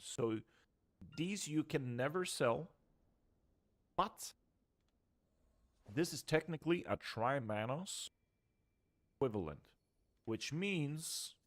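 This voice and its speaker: Casual young man explaining a game. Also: medium pitch. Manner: loose and chatty, trails off and restarts. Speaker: game streamer. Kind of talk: casual gameplay walkthrough.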